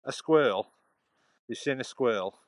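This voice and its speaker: Walking through a churchyard, a male vlogger chats casually, rambling and often restarting his sentences. His ordinary middle-pitched voice is expressive and unhurried, and the sound is dry and close with little reverb.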